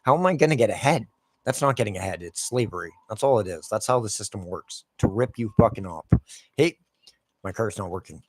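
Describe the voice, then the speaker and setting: A man's voice: lowish voice, lively intonation, fast, slightly rough, no echo. A man in his forties, a gaming YouTuber, ranting casually and swearing constantly while he plays. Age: 40s.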